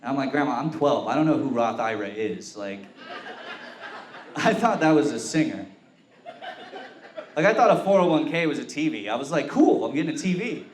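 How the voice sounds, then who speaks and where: A man's voice: medium pitch, animated, normal speed, long pauses. A young man from Oklahoma doing a self-mocking stand-up set on a brewery stage. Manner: laid-back, self-mocking joke delivery. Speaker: stand-up comic. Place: brewery comedy stage before a live crowd. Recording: echoey room with faint ambient noise.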